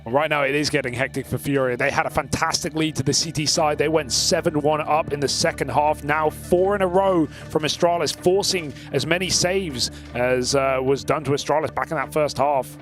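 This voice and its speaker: Energetic male esports caster. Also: on the high side, brisk, hardly any pauses, soft background music. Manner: vivid, energetic. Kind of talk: play-by-play commentary.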